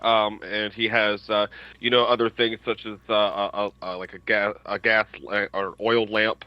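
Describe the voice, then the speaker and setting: A man's voice: lowish voice, little pitch movement, clean tone, no room sound, dull audio. A man playing a tabletop game, listing his gear with many fillers and restarts. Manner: halting, filler-heavy listing. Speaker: player.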